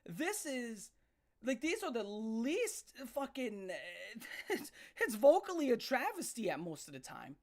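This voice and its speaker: A woman's voice: a little high, sing-song, slow pace, a little mellow. A woman ranting on a live stream about music, blunt and emphatic, often repeating herself and restarting her sentences. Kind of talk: profane live rant.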